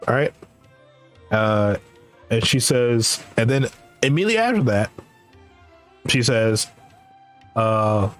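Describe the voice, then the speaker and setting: A young man streaming, telling a rambling, animated story in casual chat and laughing often. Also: mid-range voice, slow, pauses often, faint music behind. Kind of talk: casual chat while gaming.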